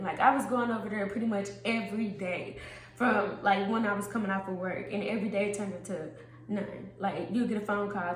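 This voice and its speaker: Animated, profane storytelling woman, echoey room. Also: on the high side. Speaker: storytime vlogger. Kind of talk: casual storytime monologue.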